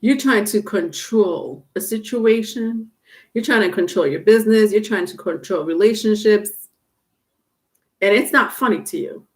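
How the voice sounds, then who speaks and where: A woman's voice: mid-range voice, a little slow. A woman giving a casual live tarot reading, talking chattily and teasing her viewers, breaking into laughter often. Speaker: tarot reader.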